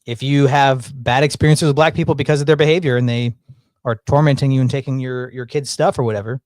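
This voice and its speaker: A man's voice: medium pitch, fairly even intonation, fast, a little mellow, dry recording. A man in his thirties hosting a podcast, chatting casually in a rambling, laid-back way. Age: 30s. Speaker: podcast host.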